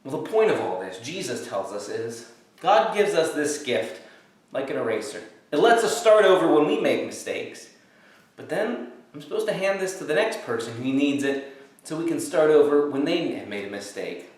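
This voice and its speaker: High-voiced pastor in an echoey room. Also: male voice, big pitch swings, normal speed. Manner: playful storytelling, acting out both sides. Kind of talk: children's Sunday school lesson. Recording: very echoey room, mic far off.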